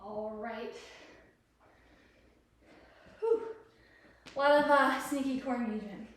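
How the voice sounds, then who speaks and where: Woman, high voice, fitness instructor, counting reps, encouraging, slightly out of breath, very echoey room. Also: brisk, recorded from a distance, slight background noise. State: a little out of breath. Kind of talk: guided workout instruction.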